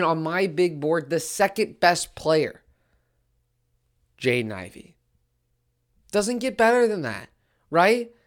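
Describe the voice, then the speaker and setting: In a deep voice, a woman hosts a sports podcast alone, delivering an emphatic, excited rant that keeps hammering its main phrases.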